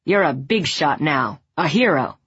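A woman voicing a wheedling, drunken middle-aged man who mocks and begs, in a husky voice on a dull lo-fi recording. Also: low-pitched, lively intonation, measured pace, a bit bright, full character voice. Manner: wheedling, mocking.

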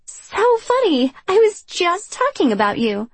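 A woman reading an audiobook, voicing a chatty, caring teenage girl friend in a higher, brighter voice. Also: big pitch swings, measured pace, dry recording, exaggerated voice. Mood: bubbly concerned. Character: bubbly teen girl friend, warm, chatty.

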